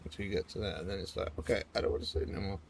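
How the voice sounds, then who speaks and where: A man narrates his gameplay in a loose, chatty ramble, talking straight to his viewers. His voice sits low and carries plenty of gravelly fry. A faint hiss stays under the recording. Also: steady tone, racing. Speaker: gaming video host. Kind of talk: casual gameplay commentary.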